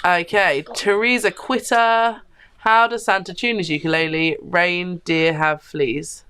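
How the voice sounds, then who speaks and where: A woman's voice: lowish voice, steady tone, unhurried, a bit bright, a little hiss or hum. A woman co-hosting a casual chat show, reading viewer comments aloud and laughing often.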